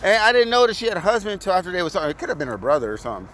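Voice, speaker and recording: Man, high voice, profane animated storyteller, faint outdoor traffic behind. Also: racing. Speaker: vlogger. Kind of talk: casual storytelling rant.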